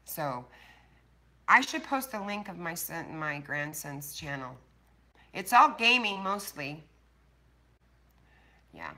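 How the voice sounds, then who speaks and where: Older lady streamer, blunt and sweary, bright tense voice, just chatting live. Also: deep voice, very animated, takes it slowly, long pauses. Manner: blunt, profane, talking straight to chat viewers. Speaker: livestream host. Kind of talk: casual live-stream chat.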